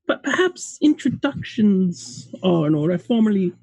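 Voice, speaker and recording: A game master voicing a gushing young noblewoman, the potentate's daughter, bubbly and high-pitched. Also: big pitch swings, normal speed, dark tone, breathy edge, no room sound. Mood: gracious.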